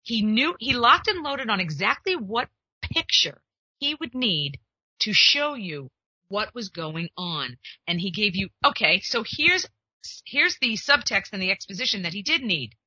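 Bright, husky-voiced woman talking shop. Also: medium pitch, very animated, a little slow, dry recording, muffled recording. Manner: chatty, emphatic, acts out quoted conversations. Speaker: literary agent and podcast host. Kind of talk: casual advice monologue.

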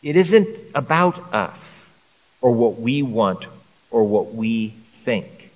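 A man preaching a sermon to men in an earnest, measured way, repeating phrases for emphasis. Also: mid-range voice, sing-song, long reverb tail. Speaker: pastor.

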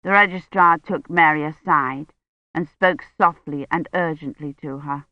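An audiobook narrator reading a novel in a measured, even way. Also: mid-range voice, dry recording, dull audio. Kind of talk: scripted narration.

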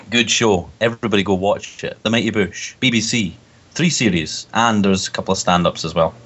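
A man co-hosting a podcast, relaxed and steering the casual chat. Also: fairly low pitch, moderate pace, a little hiss or hum. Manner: relaxed, steers the talk, laughs easily. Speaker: podcast co-host. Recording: dull lo-fi audio.

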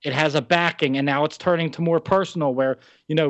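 A man's voice: fairly high pitch, fairly even intonation, brisk, hardly any pauses, no room sound. A young man from New Jersey co-hosting a casual chat, opinionated and ranting. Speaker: podcast co-host. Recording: dull, dry lo-fi recording.

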